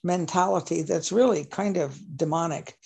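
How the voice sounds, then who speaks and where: A woman's voice: lowish voice, moderate pace, vocal fry, a little mellow, husky. Emphatic woman guest in discussion. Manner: earnest, emphatic, with restarts. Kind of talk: casual discussion.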